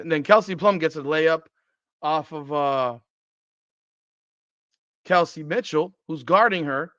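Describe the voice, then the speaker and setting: A man's voice: fairly high pitch, fairly bright tone, no room sound. Blunt, profane man ranting about basketball. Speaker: podcast host. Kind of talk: post-game basketball commentary. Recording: dry, slightly dull lo-fi sound.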